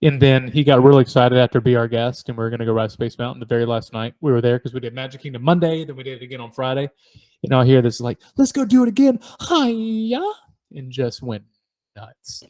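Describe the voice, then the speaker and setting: A man's voice: medium pitch, fairly even intonation, brisk, darkish tone, no echo. A middle-aged man, co-hosting a podcast in casual chat, rambling through stories, laughing often and mimicking noises. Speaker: podcast co-host.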